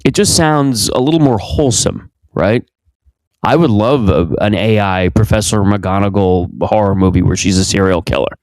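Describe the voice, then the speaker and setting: A man's voice: on the low side, moderate pace, darkish tone, no room sound. A young man hosting from his home basement, rambling crudely through a casual comedic monologue and interrupting himself often. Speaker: podcast host.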